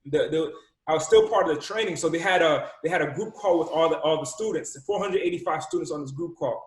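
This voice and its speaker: Energetic storytelling man in a roomy space. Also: on the high side, quick pace. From Rhode Island, US. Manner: energetic, repeats words, acts out dialogue. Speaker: podcast guest, motivational speaker. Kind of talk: animated personal storytelling. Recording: roomy echo.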